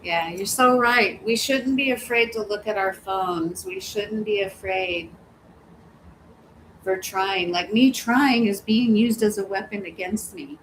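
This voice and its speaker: A woman hosts a laid-back livestream from her home in the heat, laughing frequently, swearing freely and reading comments from viewers aloud. She speaks a little slowly in a mid-range voice, in a low-quality recording with slight background noise.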